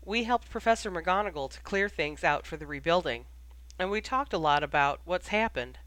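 A reader voicing Hermione, brisk earnest girl. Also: mid-range voice, animated, fairly bright tone, dry recording, lightly acted. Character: teenage girl, earnest and quick. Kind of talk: audiobook character voice.

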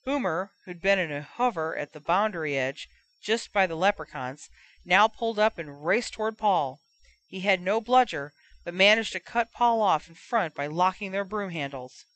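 A woman narrating a fan fiction audiobook in a steady storytelling manner. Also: lowish voice, normal speed.

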